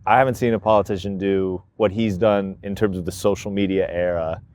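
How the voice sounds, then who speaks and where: Laid-back lower-voiced man. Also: fairly even intonation, brisk, darkish tone. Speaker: podcast co-host. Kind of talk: casual chat.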